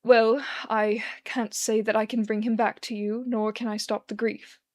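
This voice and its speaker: Kindly man voiced by a woman, gentle, reassuring, storybook reading. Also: fairly high pitch, flat delivery, normal speed, natural voice. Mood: soothing. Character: kindly, composed man with a walking stick.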